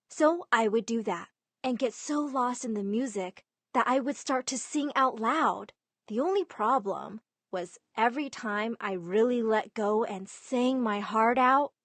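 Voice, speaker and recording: A young woman narrating her own story in first person, lively and putting on voices for family members. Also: on the high side, measured pace, no room sound.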